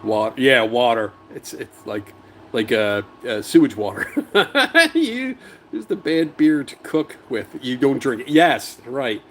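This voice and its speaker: A man's voice: medium pitch, sing-song, slow pace, fairly bright tone, a little hiss or hum. A man from Philadelphia hosting a casual livestream from his garage, chatting, laughing often and reading out viewer comments. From Philadelphia, USA. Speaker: livestream host. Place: home garage.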